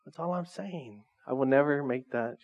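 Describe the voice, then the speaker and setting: In a dull lo-fi recording, a male pastor gives a relaxed, chatty sermon to a small congregation, cracking jokes and talking straight to them. His voice sits in the mid range, with a somewhat dark tone and a normal speaking speed.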